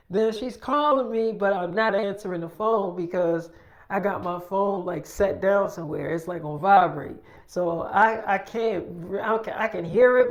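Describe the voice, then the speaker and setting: Casual, profane woman telling a made-up story. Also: mid-range voice. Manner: casual, profane, acts out quoted dialogue. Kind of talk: improvised first-person storytime.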